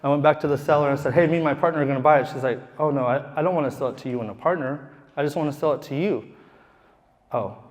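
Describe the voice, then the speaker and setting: A man's voice: on the high side, fast. A man who is a real estate investor tells a casual, profane story to a live audience in a room, laughing as he goes. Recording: long hall reverb.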